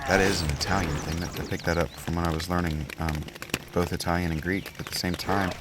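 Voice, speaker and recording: Low-voiced man rambling over gameplay. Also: a little fast. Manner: rambling, joking, many filler sounds. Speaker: gaming video host. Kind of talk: casual gameplay commentary. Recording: steady background noise.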